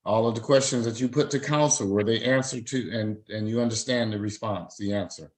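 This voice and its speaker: A man's voice: on the low side, brisk, a little mellow, rough recording. A man presiding as a judge, formally reading out charges, fines and rights in a court hearing. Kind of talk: court proceedings over a video call.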